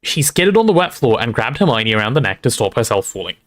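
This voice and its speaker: Man reading a storybook aloud, expressive. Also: mid-range voice, fast. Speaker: streamer reading aloud to chat.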